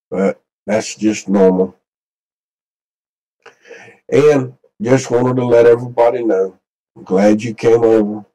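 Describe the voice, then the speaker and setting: Rambling man with a dark voice. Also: on the low side, poor audio. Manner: rambling, folksy, repeats himself. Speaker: channel host. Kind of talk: casual screen-share commentary.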